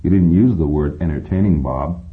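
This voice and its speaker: A man reading an audiobook, voicing a gentle, patient male robot psychoanalyst who speaks calmly and softly. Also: sits low, moderate pace, close to an everyday voice. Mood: probing. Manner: calm, soft-spoken, probing. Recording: tinny phone-like sound.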